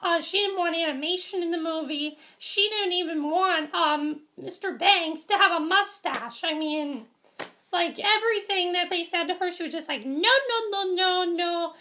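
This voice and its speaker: A woman's voice: very high-pitched, normal speed, bright, forceful tone. A woman giving a casual, enthusiastic movie review vlog, rambling with many fillers and restarts. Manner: enthusiastic, gushing praise.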